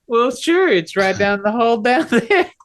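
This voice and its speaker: A man voicing an eager, helpful host in a chirpy high voice. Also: sing-song, unhurried, slight background noise, heavily acted.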